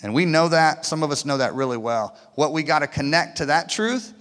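A man preaching a sermon as pastor, swinging between loud emphatic lines and hushed quiet ones. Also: on the high side, expressive, a little fast, in a large hall. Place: church auditorium.

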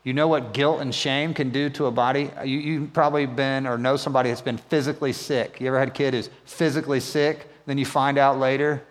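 A man's voice: mid-range voice, flat delivery, a little fast, few pauses. A man preaching a sermon in a casual, conversational way, often asking the congregation questions. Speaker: pastor. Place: church hall. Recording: long reverb of a church hall.

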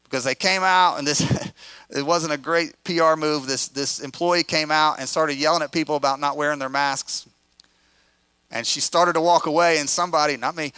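A middle-aged man, a pastor, telling a story in an animated, conversational way with acted quotes. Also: a little high, normal speed, smooth, no echo. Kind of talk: storytelling sermon.

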